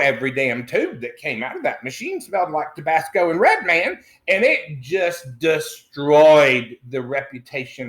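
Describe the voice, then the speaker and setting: A man's voice: on the high side, natural voice. A man playing a middle-aged country man, telling a meandering, folksy comic story full of crude asides. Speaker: comedy character host. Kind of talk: improvised comic monologue. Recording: roomy echo.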